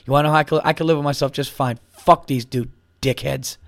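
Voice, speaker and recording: A man's voice: mid-range voice, fairly even intonation, fast talker, gravelly, dry recording. A man hosting a podcast, a little buzzed, ranting profanely in a rambling casual monologue. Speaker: podcast host.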